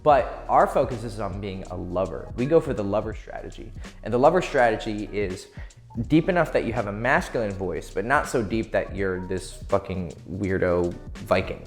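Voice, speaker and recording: A man's voice: on the low side, normal speed, faint music behind. A man giving casual dating advice, loose and profane, laughing easily as he explains. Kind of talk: casual instructional talk.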